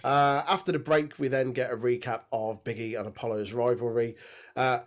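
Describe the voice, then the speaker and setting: A man hosting a casual podcast, recapping a wrestling show with lots of swearing and high laughing outbursts, on a desk mic with headphones. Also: steady tone, moderate pace. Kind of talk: casual chat.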